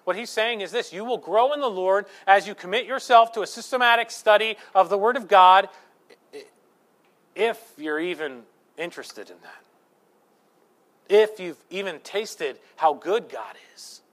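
Animated man preaching a sermon. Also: high voice. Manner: animated storytelling with self-deprecating humor, swings between loud and hushed. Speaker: pastor.

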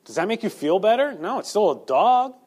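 A man's voice: high-pitched, very animated, a little fast, a little mellow, breathy edge. A male preacher delivering a sermon, asking the listeners rhetorical questions and acting out quotes.

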